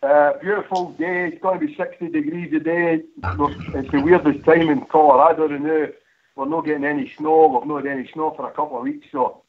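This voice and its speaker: A man's voice: on the high side, steady tone, fairly quick. A man calling into a radio phone-in, talking bluntly and swearing casually. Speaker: caller. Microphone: phone line. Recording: muffled phone-in audio.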